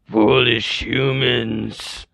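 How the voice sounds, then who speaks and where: A man voicing a huge, hungry talking male zombie that drags out its threats in a slow, menacing way. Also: mid-range voice, flat delivery, creaky, fairly bright tone, no room sound, heavily acted. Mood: gloating. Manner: slow, drawn-out menacing speech. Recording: dull, lo-fi, dry recording.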